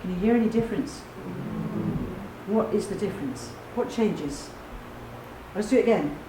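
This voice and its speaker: A woman's voice: medium pitch, animated, normal speed, noisy background. A woman voice teacher leading a workshop, playful and self-deprecating, who breaks into sung vowels as she talks. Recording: echoey room heard from a distance.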